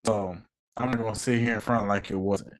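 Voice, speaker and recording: A man's voice: fairly low pitch, steady tone, a little fast. A man hosting his own podcast, talking casually with lots of slang and swearing, giving heated opinions. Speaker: podcast host. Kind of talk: casual solo podcast rant.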